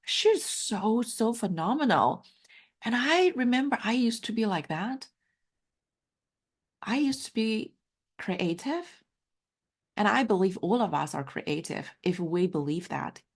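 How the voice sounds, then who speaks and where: A life coach with a mid-range, breathy-edged voice speaks expressively and unhurriedly, leaving long pauses. English is her second language after Mandarin, and in this live online session over video call she offers heartfelt encouragement with many fillers.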